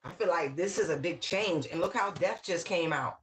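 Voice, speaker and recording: An excitable tarot reader gives a casual channeled reading, speaking straight to the viewer at a middle pitch. The delivery bursts into exclamations, repeats words for emphasis and keeps checking in with "right?" A faint hiss sits under the voice. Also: normal speed, rough recording. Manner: talks straight to the viewer, often asking "right?".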